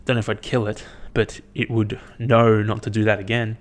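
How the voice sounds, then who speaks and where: A young man hosting his own podcast, chatting in a rambling, profane, animated way as he tells stories. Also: on the low side, normal speed. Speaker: podcast host. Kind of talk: casual solo podcast chat.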